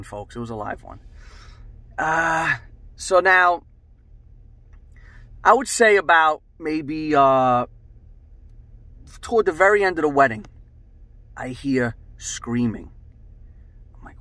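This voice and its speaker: A middle-aged man and show host telling a rambling, profane story in a casual, animated way. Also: fairly high pitch, slow pace, pauses often, dry recording.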